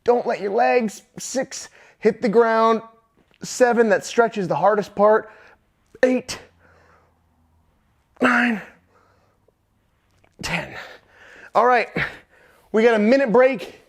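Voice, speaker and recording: A young man leading a home workout as a fitness trainer, counting reps aloud and talking casually with fillers and quick apologies. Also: extremely high pitch. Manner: apologetic asides, filler words.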